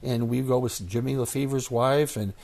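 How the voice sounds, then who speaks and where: A man in his sixties telling stories as an interview guest, animated and acting out the voices of people he quotes. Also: mid-range voice, moderate pace. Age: 60s. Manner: animated storyteller who acts out quoted voices. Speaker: guest, former baseball player. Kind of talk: casual storytelling interview.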